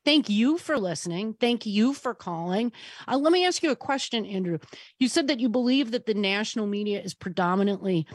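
A woman's voice: fairly high pitch, expressive, a little fast, no room sound. A woman hosting a call-in radio talk show, pressing her caller with pointed follow-up questions. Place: radio studio.

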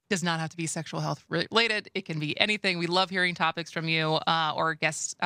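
A woman's voice: lowish voice, pushed and bright, clean tone, dry recording, clean studio sound. A woman with a Wisconsin accent co-hosting a radio talk show, chatty and playful, often laughing. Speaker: radio co-host. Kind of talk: casual radio chat.

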